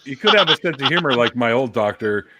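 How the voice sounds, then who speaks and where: A man's voice: mid-range voice, lively intonation, quick pace, very noisy. A man hosting a casual livestream chat with friends on a call. He laughs often and repeats words as he talks. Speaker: livestream host.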